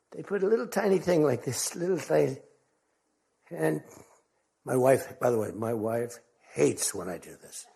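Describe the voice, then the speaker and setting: An older American man rambles through a speech to a crowd, repeating himself as he tells stories and acts out quotes. His voice sits fairly high, with vocal fry and a mellow, husky quality.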